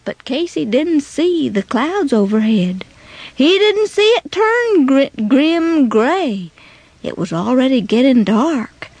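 A woman narrating a children's moral story in a dramatic, expressive way. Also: sits high, slow, dry recording.

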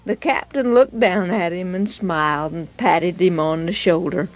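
A woman narrating a children's story in a lively, expressive way. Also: on the low side, measured pace, hardly any pauses. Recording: dull, dry lo-fi recording.

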